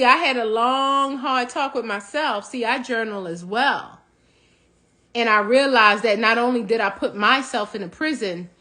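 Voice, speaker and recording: High-voiced, animated motivational woman. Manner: animated, preachy, laughs between points. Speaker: host of a healing talk show. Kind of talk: motivational talk.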